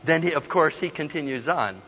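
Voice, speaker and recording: A man giving a humorous storytelling sermon, animated and laughing often as he acts out the voices in his stories. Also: on the high side, normal speed, breathy edge. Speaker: guest preacher. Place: large hall with an audience. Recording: dull lo-fi sound with long hall reverb.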